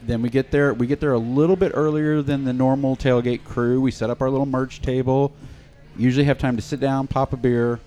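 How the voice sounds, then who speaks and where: A middle-aged man at a mid pitch hosts a relaxed podcast conversation. He jokes freely and breaks into laughter easily. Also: a little fast. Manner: jokey, laughs often. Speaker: podcast host. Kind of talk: casual chat.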